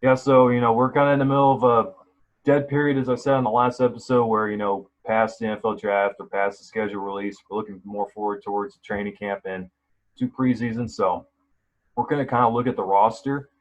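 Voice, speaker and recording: A man's voice: fairly low pitch, fairly even intonation, brisk, muffled recording. A man hosting a sports podcast, talking casually and rambling with many fillers and restarts. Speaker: podcast host.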